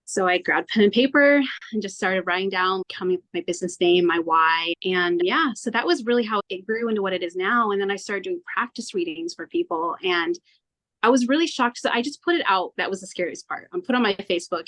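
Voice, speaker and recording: Woman tarot reader on a podcast, chatty and earnest, acts out what she used to think, mid-pitch voice. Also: brisk. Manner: earnest, animated, acts out her own past thoughts. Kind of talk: casual storytelling in an interview.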